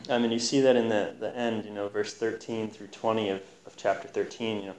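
A man's voice: on the low side, little pitch movement, brisk, darkish tone. A man giving an informal Bible teaching in an earnest, conversational way, pressing hard on key points. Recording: roomy echo.

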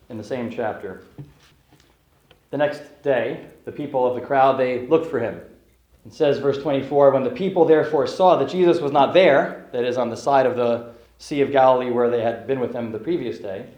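A man's voice: medium pitch, mellow. Earnest male preacher in an echoey room. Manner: earnest, expository, rising emphasis on key phrases. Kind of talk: sermon.

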